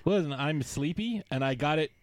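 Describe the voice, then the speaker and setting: A man's voice: on the high side, lively intonation, moderate pace, a little hiss or hum. A man hosting a podcast in casual chat, joking and going off on playful tangents. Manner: playful, riffing, jokey tangents. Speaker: podcast host.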